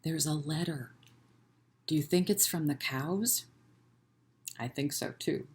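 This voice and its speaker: A woman leading a children's library storytime, reading a picture book aloud in an animated way and inviting the children to chant along. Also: sits low, slow pace, creaky, long pauses. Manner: gentle and encouraging with children.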